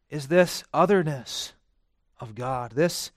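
A male preacher delivering a sermon, swinging from hushed, quiet phrases to loud, emphatic declarations. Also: on the high side, a little slow, long pauses, no room sound, studio quality.

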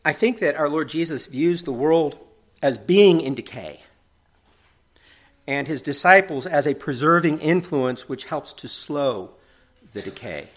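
A man's voice: fairly high pitch, expressive, unhurried. A middle-aged man preaching a sermon in an earnest, conversational way, often checking in with tag questions.

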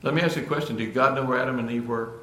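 Earnest preacher in an echoey room. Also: male voice, medium pitch, fairly even intonation, racing, a bit bright. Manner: earnest, repeats and restarts phrases, rises to emphatic peaks. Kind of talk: sermon.

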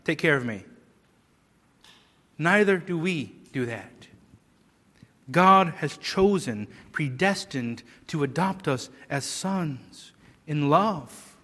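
High-voiced earnest male preacher. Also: animated, takes it slowly, bright, forceful tone, in a large hall. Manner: earnest, emphatic, with repeated words and rhetorical questions. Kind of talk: sermon.

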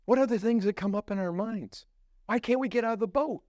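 High-voiced emphatic male preacher. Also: a little fast, no room sound, clean studio sound. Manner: emphatic, swings from loud to hushed. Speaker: pastor. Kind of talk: sermon.

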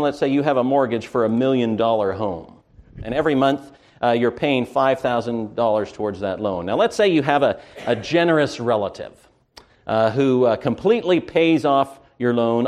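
A man preaching a sermon with emphasis, who slows down to stress key words and often pauses on "uh". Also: mid-range voice, darkish tone.

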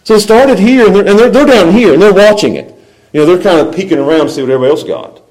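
A man's voice: high voice, very animated, racing, darkish tone, low-quality recording. A middle-aged man preaching a sermon, acting out people's complaints in grumbling voices and chuckling as he goes.

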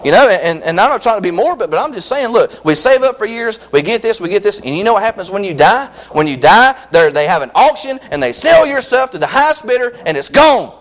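A man preaching a sermon as pastor, excitable and repetitive, with frequent restarts. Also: sits high, brisk, few pauses, rough recording.

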